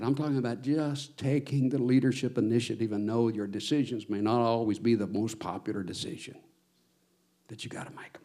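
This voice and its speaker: A man's voice: mid-range voice, a little mellow. A man preaching a sermon as pastor, earnest, his voice swelling on his exhortations.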